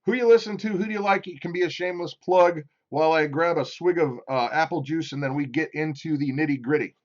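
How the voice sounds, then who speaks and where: A middle-aged man hosts a casual live stream in a slightly high voice, rambling along and reading viewer comments aloud. The sound is dull and lo-fi. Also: quick pace. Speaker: livestream host.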